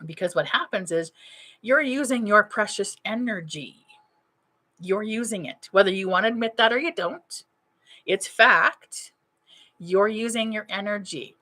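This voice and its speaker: Woman, middle-aged, spiritual medium, bright clear tone, emphatic and repetitive, casual talk. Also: medium pitch, lively intonation, unhurried. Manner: emphatic, repeats key phrases for effect. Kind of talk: casual advice talk to an online audience.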